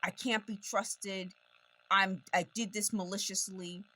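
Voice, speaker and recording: A woman's voice: mid-range voice, fairly even intonation, measured pace, bright, forceful tone. A woman from the United States talking straight to camera in a casual monologue, insistent and repeating her points, her voice strained from talking over noise. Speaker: video blogger.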